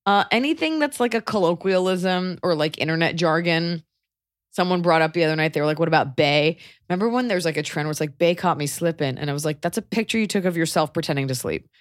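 A young woman co-hosting a casual advice podcast, blunt and jokey, with animated swings in her delivery. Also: lowish voice, quick pace, no echo, studio quality. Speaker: podcast co-host.

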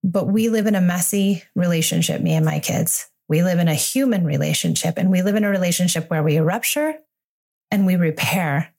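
A woman's voice: on the low side, fairly quick, a little mellow. A woman in her forties hosting a parenting podcast, talking candidly and reassuringly about her own mistakes as a parent. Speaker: parenting coach and podcast host. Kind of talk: solo podcast monologue.

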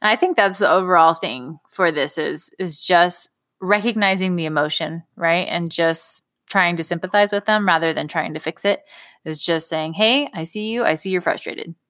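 A woman's voice: fairly low pitch, moderate pace, a bit bright, no echo, studio quality. A woman co-hosting a parenting podcast, chatting casually about her kids. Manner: chatty, laughs between remarks. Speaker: podcast co-host and mother. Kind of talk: casual conversational chat.

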